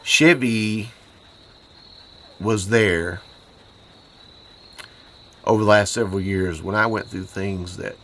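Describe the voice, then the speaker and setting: A heartbroken man speaks in a very deep, hoarse voice, choked up and halting. He pauses and repeats himself. Faint crickets hum behind him outdoors on a mountain farm. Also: steady tone, a bit bright. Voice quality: hoarse, voice lower than usual. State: choked up from grief. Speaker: homestead channel host. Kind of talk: grieving personal vlog.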